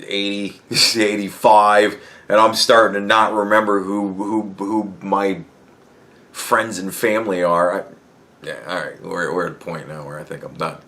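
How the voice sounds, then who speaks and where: A man's voice: sits low, flat delivery, measured pace, sharp tone. A young man hosting a podcast, talking in a rambling, profane, casual monologue and laughing as he tells stories. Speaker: podcast host.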